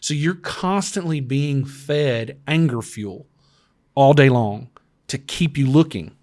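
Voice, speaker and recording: A man's voice: mid-range voice, takes it slowly, darkish tone. A man co-hosting a casual podcast discussion, earnestly offering practical advice. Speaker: podcast co-host.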